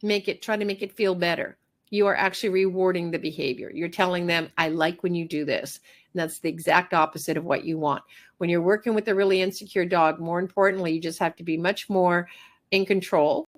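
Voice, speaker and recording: A middle-aged master groomer woman giving a workshop talk, animated, repeating phrases and acting out little dialogues. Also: on the low side, fairly quick.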